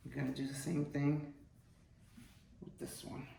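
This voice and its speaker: A woman's voice: rumbling low, level tone, a little slow, vocal fry. A middle-aged woman hosting a casual home cooking demonstration, chatty and joking as she talks straight to her viewers. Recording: roomy, distant from the mic, faint hum.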